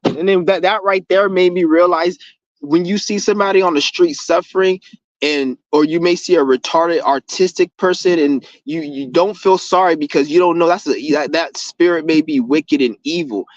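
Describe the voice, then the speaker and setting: A man's voice: fairly high pitch, normal speed, no room sound. A man ranting in a rambling, profane, heated monologue for his channel. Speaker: vlogger. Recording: dull lo-fi dry recording.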